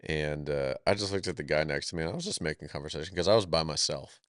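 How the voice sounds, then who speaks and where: Very deep-voiced joking podcast host. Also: male voice, animated, quick pace, dry recording, studio quality. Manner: joking, laughs often, self-mocking anecdotes. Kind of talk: casual interview chat.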